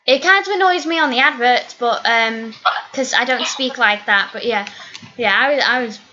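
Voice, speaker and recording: Giggly high bright woman. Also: moderate pace, a little hiss or hum. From northeast Wales. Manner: giggly, chatty storyteller. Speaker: YouTuber. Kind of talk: casual Q&A chat. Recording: dull lo-fi recording.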